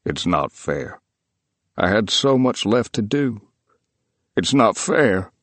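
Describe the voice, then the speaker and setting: A man voicing a grieving male writer in low, heavy despair. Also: very animated, slow pace, a bit bright, dry recording, full character voice.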